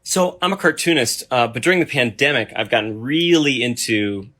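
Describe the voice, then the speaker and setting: A man's voice: medium pitch, expressive, moderate pace, sharp tone. Laid-back man in a social video clip. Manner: modest, laid-back, hesitant fillers. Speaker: cartoonist in a played clip. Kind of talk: short social media video monologue.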